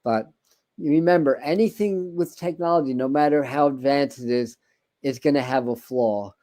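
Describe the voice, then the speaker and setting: A man's voice: mid-range voice, normal speed, dark tone. A man hosting a tarot livestream in casual chat, rambling with many restarts and repeated words. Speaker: tarot reader and livestream host.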